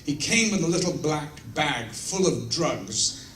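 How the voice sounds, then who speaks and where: A man's voice: a little high, expressive, a little slow. A man answering fan questions at a convention, telling blunt, profane, self-mocking anecdotes in a casual way. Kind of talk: casual storytelling Q&A. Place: large convention room with audience. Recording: roomy echo, mic at a distance, faint noise.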